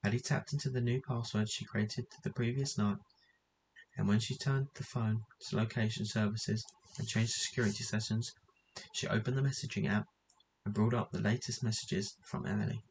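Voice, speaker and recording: Low-voiced man reading a novel aloud. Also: moderate pace, a little hiss or hum, poor audio. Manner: steady reading with occasional slips and restarts. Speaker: audiobook reader.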